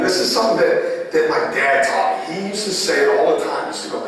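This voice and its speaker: A man's voice: a little high, animated, a little fast. A male coach giving a clinic presentation, telling stories in a casual, joking way. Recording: echoey hall, far from mic.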